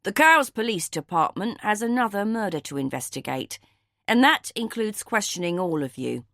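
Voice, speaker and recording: A woman's voice: medium pitch, animated, normal speed, a bit bright, no room sound, studio quality. A woman voicing a brusque male police inspector in an audiobook, speaking curtly and with authority. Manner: curt, authoritative.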